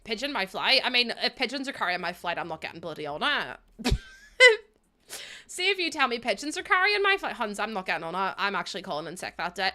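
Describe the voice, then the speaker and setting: A woman's voice: mid-range voice, animated, fairly quick, bright, forceful tone. A woman streaming a game, chatting with viewers in a rambling, laughing way. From Ireland. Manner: rambling, chatty, laughs often, talks to chat. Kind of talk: casual livestream chat while playing.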